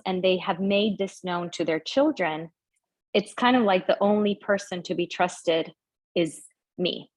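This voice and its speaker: A woman's voice: medium pitch, poor audio. A woman who runs a school hesitantly describes a difficult parent situation on a video call, with frequent restarts and concern. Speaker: head of school asking a question. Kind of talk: describing a problem to a consultant.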